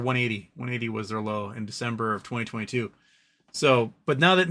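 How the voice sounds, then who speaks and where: A man's voice: medium pitch, bright, forceful tone. A man hosting a live stream, chatting casually about stocks and reading viewer questions, with a rambling delivery full of ums and self-corrections.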